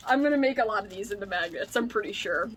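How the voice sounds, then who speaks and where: A woman's voice: mid-range voice, quick pace, a bit bright. A young woman book vlogger unboxing mail in casual chat, gushing and squealing with delight, saying "like" and "oh my god" often.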